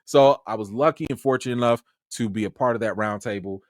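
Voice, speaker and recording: A man from Chicago, a film critic hosting his own channel, telling an excitable, slangy story on a livestream. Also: medium pitch, fast, no room sound, clean studio sound.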